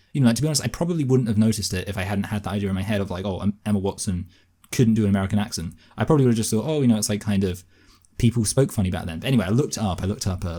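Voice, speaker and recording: A young man talks films with a friend in a loose, rambling way, piling on fillers as he goes. His delivery is fast and his voice sits low. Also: mellow. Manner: rambling, quick and offhand, with many fillers. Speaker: co-host of a film review show. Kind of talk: casual chat.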